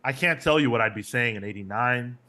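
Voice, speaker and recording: Guy hosting a comics podcast, jokey, reads chat comments, middle-pitched voice. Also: brisk, sharp tone. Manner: joking, reads listener comments aloud. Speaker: podcast host. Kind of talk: casual chat.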